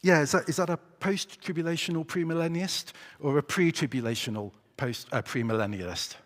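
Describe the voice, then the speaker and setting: A man's voice: a little high, brisk, pitched above the performer's own voice, natural voice. A preacher voicing an eager male believer who keeps firing prying questions at a stranger, in an echoey church. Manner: prying, increasingly excited questions.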